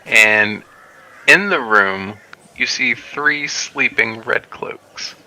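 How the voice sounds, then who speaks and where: A man running a tabletop game as game master, speaking slowly with hesitant fillers. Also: mid-range voice, sharp tone, rough recording.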